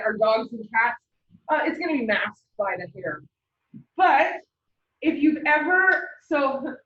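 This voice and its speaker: A woman instructor giving a classroom lecture, telling personal stories in a chatty, animated way and laughing often. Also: a little high, slight background noise. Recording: roomy, dull sound from a distant mic.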